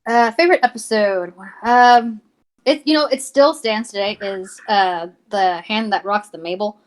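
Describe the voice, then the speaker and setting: A young adult woman talks casually as a podcast guest. She rambles, doubling back and leaning on fillers. Her voice sits at an ordinary middle pitch. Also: measured pace. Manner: rambling, many fillers and restarts. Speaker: podcast guest, fan artist. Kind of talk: casual interview chat.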